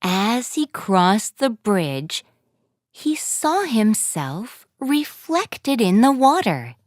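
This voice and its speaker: A woman narrating a children's story in a gentle, expressive way. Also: a little high, drawn-out words, no echo, studio quality. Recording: faint background music.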